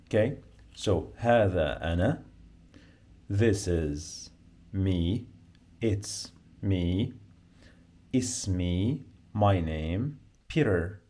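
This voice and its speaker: A man with an Arabic accent teaching a beginner lesson, speaking slowly and repeating each word to drill pronunciation. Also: deep voice, dark tone. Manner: slow, repetitive, drills pronunciation.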